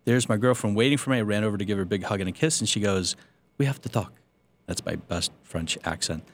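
A man with a fairly low voice tells his own conversion story as a Catholic priest. He speaks earnestly and pokes fun at himself along the way. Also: fairly even intonation, quick pace, slight background noise. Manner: earnest storytelling with self-deprecating humor. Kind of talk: personal faith testimony.

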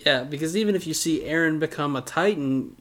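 A man's voice: on the high side, fairly quick, fairly bright tone. A man co-hosting a podcast, chatting casually about an anime and tossing in dry, sarcastic remarks. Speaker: podcast co-host. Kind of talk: casual anime recap chat.

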